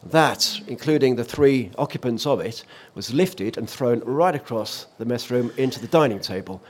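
Reminiscing in conversation, a man who once presented offshore radio recounts a vivid tale, often restarting and using fillers. He speaks at normal speed with a medium pitch and lively intonation.

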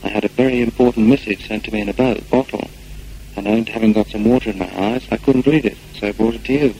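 A man's voice: on the low side, fairly even intonation, quick pace, warm tone, slight background noise, natural voice, poor audio. Winnie the Pooh, as a man voices him. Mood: proud. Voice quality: growly. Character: simple, proud little bear, good-natured.

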